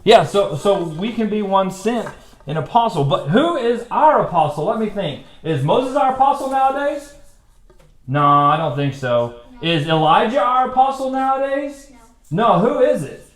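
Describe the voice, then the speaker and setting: A man teaching a playful children's Bible class, excited and goofy, laughing often. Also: high-pitched, moderate pace, reverberant, soft background music. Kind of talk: playful kids' Bible lesson. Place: church classroom.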